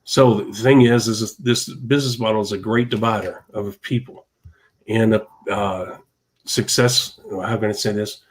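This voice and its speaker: A man's voice: lowish voice, steady tone, a little slow. A man hosting a podcast, giving an emphatic, repetitive motivational monologue in a preachy tone. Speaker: podcast host.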